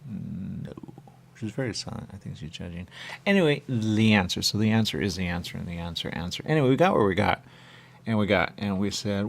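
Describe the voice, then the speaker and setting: A man's voice: fairly low pitch, lively intonation, a little fast, vocal fry. A man hosting a radio talk show in a meandering, repetitive, stream-of-consciousness monologue. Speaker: radio host. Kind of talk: rambling monologue.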